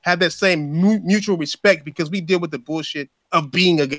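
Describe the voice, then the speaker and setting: A man hosting a casual podcast chat, animated and slangy, repeating himself as he talks. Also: a little high, moderate pace, no room sound, clean studio sound. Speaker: podcast host.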